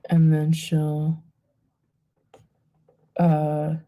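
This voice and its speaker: Woman gm narrating a tabletop scene, slow and halting, mellow low voice. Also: completely flat delivery. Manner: hesitant, lots of pauses and fillers. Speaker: game master.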